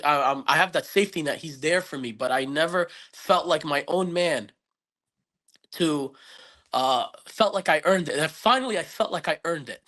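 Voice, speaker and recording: Here a man with a fairly high-pitched, slightly bright voice appears as a podcast guest. His personal story comes out earnest and reflective, full of restarts and rambling, like casual interview storytelling.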